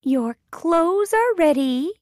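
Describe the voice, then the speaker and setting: A woman's voice: extremely high pitch, expressive, darkish tone, dry recording, studio quality, pitched above the performer's own voice, exaggerated voice. A woman reading a children's story, voicing a bossy, busy mouse. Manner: slow, instructing storybook delivery.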